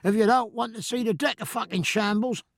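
A man voicing a rough, angry cook's mate who shouts coarsely. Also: high-pitched, brisk, no room sound, clean studio sound, pitched above the performer's own voice. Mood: wrathful.

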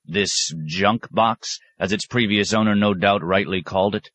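A man's voice: on the low side, steady tone, unhurried, fairly bright tone. A man doing a sarcastic stern old abbot. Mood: interrogating. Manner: mocking, cutting, sometimes roaring.

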